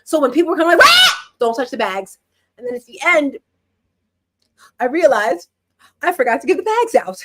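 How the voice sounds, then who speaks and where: A middle-aged woman hosts a live-streamed workshop, and her voice sits high. She talks in a chatty, lively way. She asks herself questions and answers them as she goes. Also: a little fast, long pauses, noisy background. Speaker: author and workshop host.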